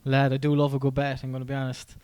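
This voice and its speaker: A man's voice: mid-range voice, completely flat delivery, quick pace, a little mellow, clean tone. An Irish man co-hosting a casual podcast, easygoing, ending lines with "boy" and "kid". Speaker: podcast co-host.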